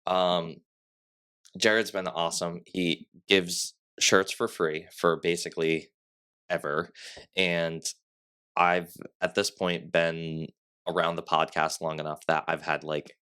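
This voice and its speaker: Young male podcast guest, very low voice, sniffly, chatty storyteller who fills his talk with "like". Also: a bit bright, smooth. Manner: storytelling with acted quotes, many "like" fillers. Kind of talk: casual podcast chat.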